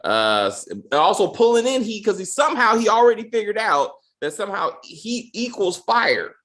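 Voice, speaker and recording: Animated casual man reviewing a show. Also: high-pitched, moderate pace. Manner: animated, joking, loose slang. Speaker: podcast host reviewing a TV episode.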